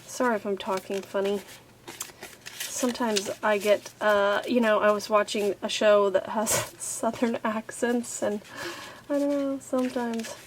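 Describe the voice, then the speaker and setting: A woman's voice: mid-range voice, fairly even intonation, unhurried, noisy background. A woman talking casually as she unboxes craft papers and stickers, thinking aloud and delighted by each piece. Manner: chatty, easily delighted, thinks aloud with many fillers. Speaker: craft vlogger unboxing a subscription box.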